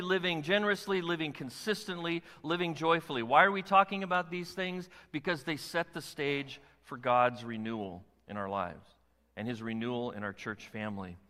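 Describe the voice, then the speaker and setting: A man preaching in a church with a bright, forceful, slightly high voice. He delivers an emphatic sermon full of rhetorical questions, and his words ring out with a long hall reverb. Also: moderate pace. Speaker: pastor. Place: church sanctuary.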